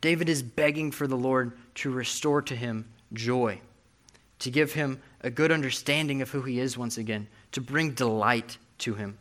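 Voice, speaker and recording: A man's voice: mid-range voice, steady tone, moderate pace, fairly bright tone. A young man preaching a sermon, earnestly reading and explaining scripture. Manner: earnest, reads scripture aloud with emphasis.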